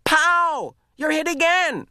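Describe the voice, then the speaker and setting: A man voicing a bossy, excitable boy shouting during a pretend war game in a storybook reading. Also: extremely high pitch, slow, no echo, clean studio sound, voice pushed up, heavily acted. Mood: excited. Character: boastful excitable boy playing war games.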